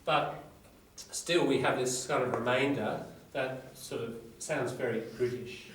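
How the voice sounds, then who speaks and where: A man's voice: mid-range voice, unhurried, a bit bright, slight background noise. A man with an Australian accent teaching a class, chatty and digressive, explaining with everyday examples. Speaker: English teacher. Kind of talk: classroom lecture. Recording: echoey classroom, far mic.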